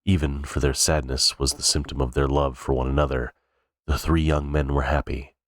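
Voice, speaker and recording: A man's voice: a bass voice, little pitch movement, moderate pace, no room sound, studio quality. A man reading a novel aloud unrehearsed, stumbling and restarting words now and then. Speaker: reader. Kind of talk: cold-read audiobook narration.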